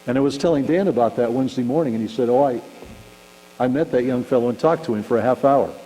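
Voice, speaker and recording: A man preaching a conversational sermon as pastor, animated and acting out little scenes. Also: medium pitch, fast. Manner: conversational, animated, acts out shouting examples. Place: church sanctuary. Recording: hall reverb with faint mains hum.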